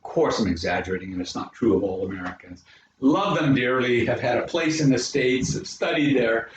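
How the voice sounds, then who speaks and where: A man's voice: expressive, fairly quick. Dramatic canadian guy coaching speakers, mic far off, faint hiss behind. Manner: dramatic, swoops widely in pitch. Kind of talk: presentation to an audience. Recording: very echoey room, mic far off.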